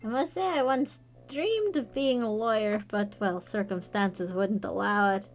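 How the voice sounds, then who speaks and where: A woman voicing a fussy, effusive male elephant chocolatier in game dialogue she reads aloud, with a theatrical, squeaky delivery. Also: unhurried, soft background music, close to an everyday voice. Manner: over-the-top, theatrical, squeaky.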